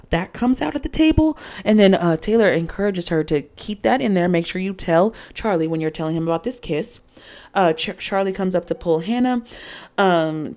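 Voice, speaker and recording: A woman's voice: on the low side, darkish tone. A woman recapping a reality dating show in a chatty, sassy way, with lots of fillers and asides to viewers.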